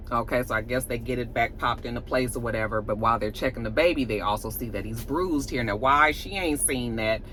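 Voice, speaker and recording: A woman's voice: extremely low pitch, a little hiss or hum, poor audio. A woman casually recapping and reviewing a TV episode, telling it like a story with blunt, salty asides and opinions. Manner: animated storyteller who acts out the characters' lines.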